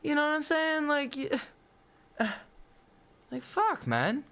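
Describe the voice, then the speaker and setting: A man with a high voice streams a game and chats casually with his viewers. He rants bluntly, full of slang and swearing. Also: very animated, slow pace, pushed and bright. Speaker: gaming livestreamer. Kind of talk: casual livestream chat while playing.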